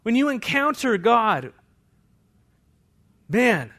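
A pastor preaching a sermon, moving between hushed, intimate passages and loud, fervent scripture readings. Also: male voice, sits high, animated, unhurried. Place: church.

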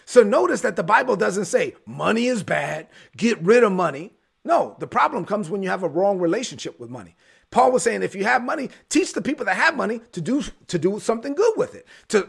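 A man's voice: high-pitched, vocal fry, fairly bright tone, husky. A male pastor preaching a sermon, emphatic and repetitive, building phrases to a punch.

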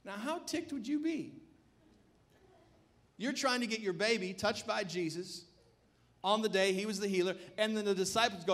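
A male pastor delivers a sermon in a notably high voice. He is emphatic and exhorting, and he presses his congregation for responses. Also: normal speed, long pauses, fairly bright tone.

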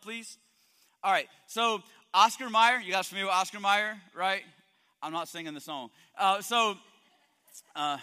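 A male pastor preaching a lively sermon, joking and quizzing his congregation in a church hall. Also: high voice. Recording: long hall reverb.

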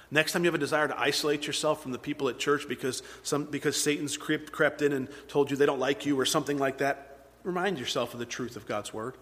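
A man preaching a sermon, moving between loud emphatic peaks and hushed, near-whispered passages. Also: mid-range voice. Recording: long hall reverb.

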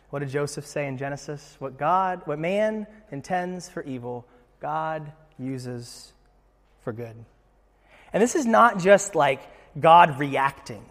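A man preaching a sermon in an animated, conversational way with casual asides. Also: a little high, slow, in a large hall. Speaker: pastor.

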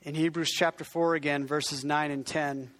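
A pastor delivers a conversational sermon in a fairly high, fairly bright voice with a level tone, at normal speed. He often restarts his sentences, jokes about himself, and gets the congregation to repeat words.

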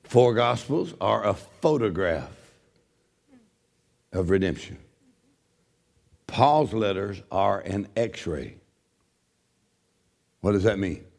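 A middle-aged man preaching a sermon as a pastor, with a gravelly voice, swinging from loud shouting to low joking asides. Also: expressive, slow, long pauses.

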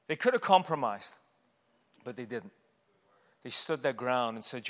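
A man's voice: mid-range voice, expressive, normal speed, pauses often, fairly bright tone. Man preaching in an echoing hall. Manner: conversational, with tag questions like "yeah?". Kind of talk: sermon. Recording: echoey hall.

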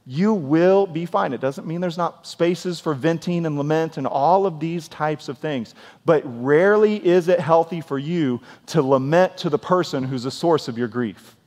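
Male pastor, 40s, slightly higher voice, earnest everyday sermon delivery with repeated-word restarts, reverberant hall. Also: moderate pace, hardly any pauses, a little mellow. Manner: earnest, practical, often restarts with repeated words. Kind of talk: conversational sermon.

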